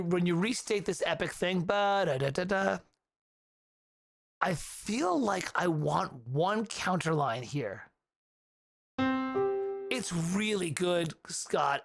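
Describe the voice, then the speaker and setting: Animated male livestream host. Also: fairly high pitch, slow pace, creaky. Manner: animated, laughs often, sings melodies aloud. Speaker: livestream host reviewing music compositions. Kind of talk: casual livestream commentary.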